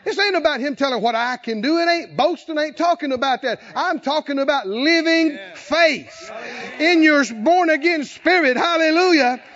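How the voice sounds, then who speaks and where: A man preaching a sermon as pastor, shifting from soft talk to loud, shouted exhortation with laughs. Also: extremely high pitch, lively intonation, normal speed, dull audio.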